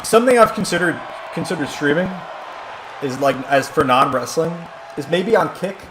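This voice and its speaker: A man's voice: on the high side, moderate pace, background noise. A man commentating a wrestling video game on a live stream, rambling and joking through the play-by-play. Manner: rambling, jokey, excitable play-by-play.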